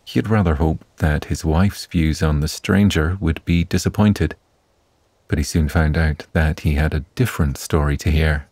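A man narrating a classic novel as a soothing bedtime story, in a calm, measured reading. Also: a bass voice, no room sound.

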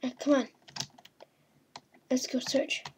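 A woman's voice: sits high, little pitch movement, slow, slight background noise. A woman hosting a gaming video, giving playful horror-game commentary and talking to the characters on screen. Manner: chatty, talks to game characters, mild swearing. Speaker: gaming channel host.

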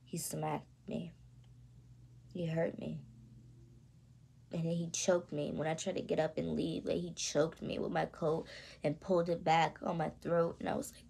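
An 18-year-old woman telling her own story in a vlog, soft and halting, often stopping to ask "you know what I mean". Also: sits low, little pitch movement, creaky, a little hiss or hum. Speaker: vlogger. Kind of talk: confessional personal storytelling.

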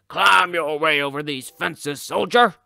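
A man voicing a loud male army drill sergeant who shouts orders in a game. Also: a little high, unhurried, creaky, no echo, voice pushed up, exaggerated voice. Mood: barking.

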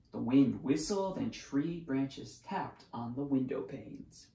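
A preschool teacher reading a picture book aloud to children, expressive and animated, in a roomy echo. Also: mid-range voice, measured pace, gravelly, few pauses. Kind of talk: storybook read-aloud.

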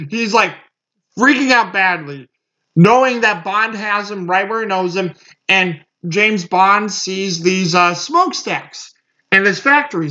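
High-voiced rambling male movie reviewer. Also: pushed and bright. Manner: rambling, many fillers and restarts. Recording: muffled lo-fi recording.

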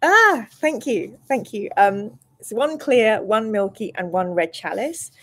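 A woman hosting a live-stream playthrough of a gamebook. She reads the room descriptions aloud and chats with viewers in a bubbly, self-deprecating way, with bursts of excited squeals. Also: mid-range voice, takes it slowly.

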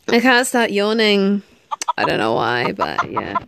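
A woman's voice: mid-range voice, gravelly, background noise. A young woman live streaming a game, chatting casually with viewers, tired and yawning as she talks. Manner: chatty, greets viewers, yawns and laughs often.

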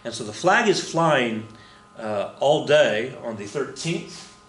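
A man's voice: medium pitch, lively intonation, slow, a bit bright, slight background noise. Rambling male teacher, echoey room. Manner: rambling, conversational, many fillers and restarts. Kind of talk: casual history lecture.

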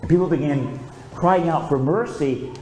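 A priest giving a homily, telling a story with lively, conversational preaching and calling out for amens, in a church. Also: male voice, fairly high pitch, moderate pace, faint music behind. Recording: echoey church.

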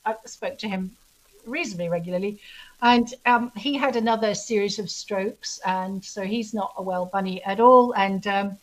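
A woman guest and author telling stories in a casual interview, animated and full of restarts. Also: mid-range voice, moderate pace, rough recording. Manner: animated storyteller, many restarts. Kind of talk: casual video interview chat.

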